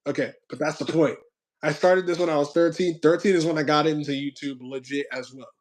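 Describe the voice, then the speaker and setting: A young man hosts his own stream, chatting casually with a friend in a rambling, reflective manner that often trails off into quieter asides. His voice is on the high side and his pace is brisk.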